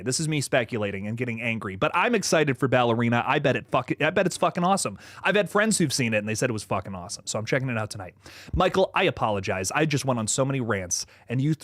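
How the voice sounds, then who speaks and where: A man runs a casual livestream, reading out viewer comments while rambling with lively energy, frequent swearing, and plenty of laughter. His mid-range voice comes through studio quality with no room sound.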